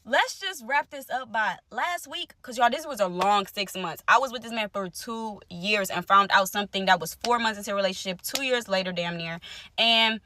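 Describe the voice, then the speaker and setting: A young woman telling viewers a personal story in casual vlog talk, animated and direct, acting out what others said. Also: normal speed, a little hiss or hum. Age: young adult. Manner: animated, talks straight to viewers, acts out quotes; wide swings in pitch and loudness. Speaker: storyteller vlogger.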